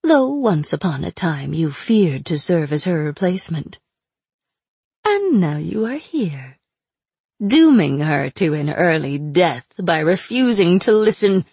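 A woman voicing a cruel, sly chained sorceress who mocks her captor in a slow, drawn-out way. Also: on the low side, very animated, darkish tone, breathy edge, dry recording, exaggerated voice. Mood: taunting. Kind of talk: audiobook character voice.

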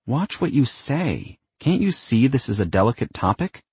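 A man's voice: mid-range voice, big pitch swings, moderate pace, a little mellow, husky, dry recording, pitched above the performer's own voice, heavily acted. A man voicing an earnest, insistent young woman who pleads and exclaims. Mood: scolding.

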